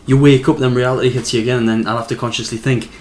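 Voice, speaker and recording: A man's voice: medium pitch, flat delivery, very fast, a little mellow, a little hiss or hum. A man co-hosting a casual podcast chat who keeps asking follow-up questions. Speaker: podcast co-host.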